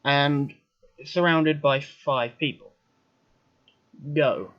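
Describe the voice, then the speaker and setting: Man running a tabletop game, firm and matter-of-fact, slightly high voice, muffled voice chat. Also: very slow. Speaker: game master. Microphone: online voice chat.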